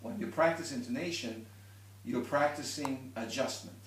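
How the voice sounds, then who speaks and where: A violin teacher speaks at a moderate pace in a mid-range voice, giving a one-on-one lesson recorded from a distance in a roomy space with slight background noise. He explains patiently, showing as he goes and restarting when needed.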